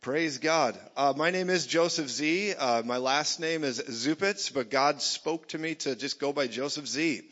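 A man preaching a lively sermon to a church crowd, joking and now and then rising to a shout. His voice sits a little high for a man. The sound is a bit dull, with a long hall reverb behind him. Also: measured pace, few pauses.

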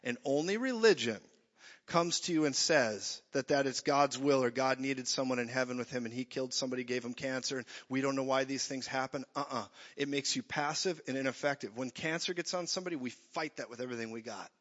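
A man preaching an energetic sermon, joking and acting out voices as he goes. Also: medium pitch, a little fast. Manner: animated, jokey, acts out voices. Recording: dull echoey hall.

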